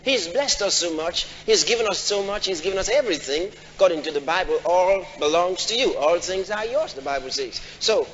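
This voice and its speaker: A man preaching a sermon, often asking the congregation questions and acting out quoted voices in a high pitch. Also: fairly bright tone. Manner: call-and-response questions to the congregation. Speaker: pastor. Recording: dull audio in a large reverberant hall.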